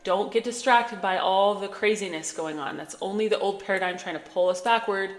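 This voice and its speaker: A woman's voice: medium pitch, a little fast. A woman giving spiritual guidance in a casual, earnest, reassuring way, talking straight to her listeners. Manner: earnest, conversational, reassuring, with fillers and asides. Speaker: spiritual channeler. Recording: echoey room with long reverb.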